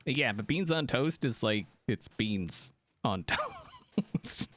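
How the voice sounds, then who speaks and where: Animated joking male streamer. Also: mid-range voice, takes it slowly, no echo. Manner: animated, joking, reacting to chat. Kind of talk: casual live-stream chat.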